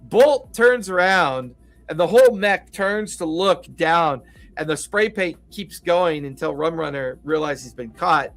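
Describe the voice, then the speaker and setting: A man running a tabletop game over a voice call, his voice sitting a bit high for a man. He narrates with a loose, chuckling manner and plenty of ums. Faint music plays underneath. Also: expressive, a little slow, fairly bright tone. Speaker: game master.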